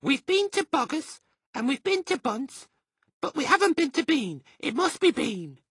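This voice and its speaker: A tiny, eager fox cub chirps in a very high, squeaky voice. He sounds quick and clever, a storybook youngster. The sound is dry and close. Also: sing-song, fairly bright tone, no room sound, exaggerated voice.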